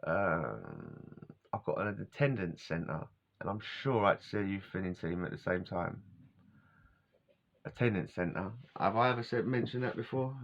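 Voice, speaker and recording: Middle-aged man, low voice, loose rambling talk, dull lo-fi sound. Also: very animated, normal speed, gravelly. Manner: casual and wandering, laughs often, loses his words. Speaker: vlogger. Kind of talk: rambling personal storytelling. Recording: dull lo-fi recording.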